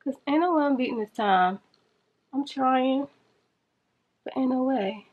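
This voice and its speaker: A woman chatting to viewers in a casual makeup challenge vlog, flustered and rushing against a timer. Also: sits high, phone-quality sound. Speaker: beauty vlogger.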